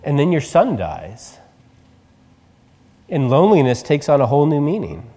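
A man preaches a sermon, his pitch a little high and very expressive as he moves from quiet reflection to lively retelling. His voice carries a long echo through a large church hall. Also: normal speed. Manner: conversational preaching, animated retelling. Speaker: pastor.

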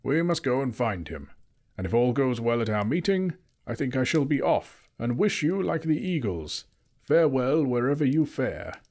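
A man's voice: medium pitch, sing-song, normal speed, darkish tone. Gandalf, a man voicing a stern old wizard. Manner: emphatic, lecturing. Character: old male wizard, stern and easily cross.

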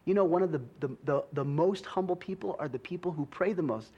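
A man's voice: sits high, a little fast, breathy edge, muffled recording. A young adult man preaching a sermon in a chatty, easygoing way, laughing often and checking in with "right?".

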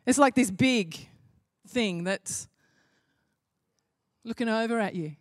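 A woman's voice: fairly high pitch, slow, no echo, clean studio sound. A woman preaching a sermon in an impassioned way, building to emphatic repeated phrases.

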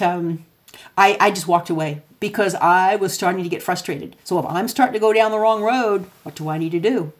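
A chatty woman talking through a casual podcast monologue. Her voice sits a little on the low side, and she laughs easily as she rambles along. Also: brisk. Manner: chatty, self-described extrovert, laughs often. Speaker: podcast host.

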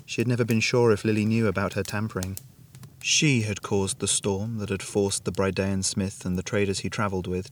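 A man reading a fantasy story aloud as narrator, in a steady, measured way. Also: lowish voice, a little hiss or hum. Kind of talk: scripted narration.

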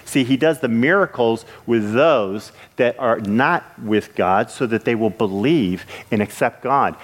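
A man with a mid-range voice preaches earnestly, restarting his sentences haltingly, and his voice rises as he retells scenes from scripture.

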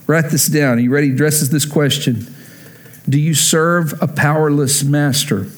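A man preaching a sermon in a church, animated and playful, acting out scenes in voices and throwing in humorous asides. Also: medium pitch. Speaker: pastor.

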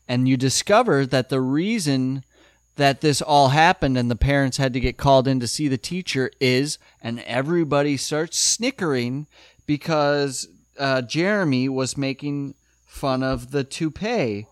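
A man's voice: mid-range voice, measured pace, no echo. A man co-hosting a podcast, chatting casually about a TV episode and acting out its lines in a raised voice. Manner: animated, acts out lines in a raised voice. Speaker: podcast co-host. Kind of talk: casual chat recapping a TV episode.

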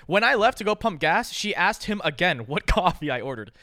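A man's voice: sits high, very animated, brisk, bright, forceful tone, no room sound. A young man hosting a podcast in casual, profane, joking chat into a studio mic. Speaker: podcast host.

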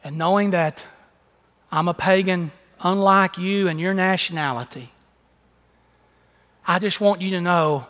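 A man's voice: on the high side, a bit bright. A man voicing an earnest foreign woman who pleads with a people. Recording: long echo of a large hall.

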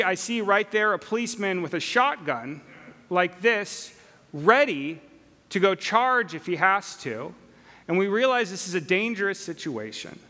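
High bright-voiced man preaching. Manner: conversational, with many filler uhs. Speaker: pastor. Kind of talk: sermon storytelling. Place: church sanctuary. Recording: long hall reverb.

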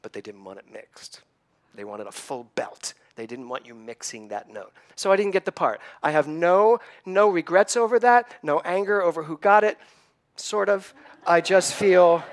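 A man in his sixties giving a conversational sermon, earnest and personal, telling stories and asking his listeners questions. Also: on the high side. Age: 60s. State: slightly emotional. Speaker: church speaker.

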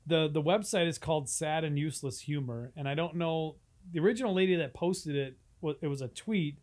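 Laid-back swearing man, higher voice. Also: a little fast, darkish tone. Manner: laid-back, swears a lot, laughs often. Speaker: podcast co-host. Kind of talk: casual crude chat.

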